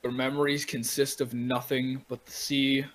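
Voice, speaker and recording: A man's voice: medium pitch, little pitch movement, normal speed, a bit bright, rough recording. A man running a tabletop game as game master, narrating scenes to his players.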